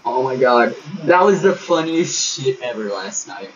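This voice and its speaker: A man's voice: mid-range voice, animated, unhurried. A young man chatting with teammates while gaming, crude and joking, bickering and telling stories. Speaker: gamer streaming with friends. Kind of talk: casual party chat over gameplay. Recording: distant, dull lo-fi mic with faint hiss.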